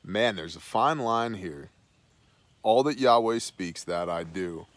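A man's voice: fairly low pitch, animated, slow, no echo. A man hosting a Bible study, reading scripture aloud and then dropping into slangy, casual asides.

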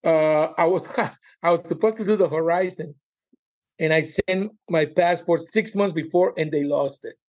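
A man, a comedian and former cruise director, telling stories in a casual interview, animated and laughing often. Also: fairly high pitch, normal speed.

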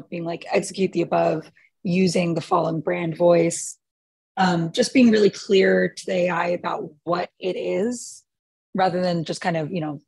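A woman answering questions in a webinar as the guest expert, halting with many fillers and restarts. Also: fairly low pitch, a little mellow, husky, dry recording. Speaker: guest expert on prompt writing.

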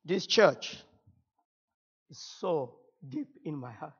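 A man from Cameroon with a Cameroonian French accent, whose first language is French, preaching a fervent sermon as a guest pastor, repeating phrases and rising to shouts. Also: fairly high pitch, animated, takes it slowly, slightly rough, muffled recording.

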